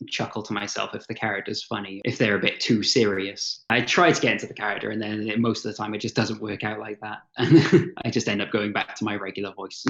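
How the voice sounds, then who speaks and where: A man's voice: lowish voice, flat delivery, fairly quick, fairly bright tone, highs cut off. A man talking hesitantly as a guest on a casual podcast chat, often stammering and laughing shyly. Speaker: podcast guest, dungeon master.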